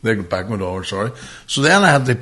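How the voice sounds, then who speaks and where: A man's voice: on the low side, fast talker. A man co-hosting a podcast, telling a long story in casual chat, swearing and laughing as he goes. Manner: swearing, laughing, animated anecdote. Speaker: podcast co-host.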